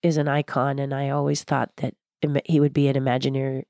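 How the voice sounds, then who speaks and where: Older woman guest, low-pitched, dry close sound, outspoken and passionate. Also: fast talker, no echo. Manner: passionate, blunt, animated storyteller. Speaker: guest, former theme park designer. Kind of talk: candid interview conversation.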